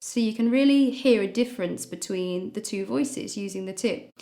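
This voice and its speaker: A woman's voice: medium pitch, normal speed, vocal fry. Patient woman teaching singing. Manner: patient, explanatory, demonstrates by singing. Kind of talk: vocal lesson.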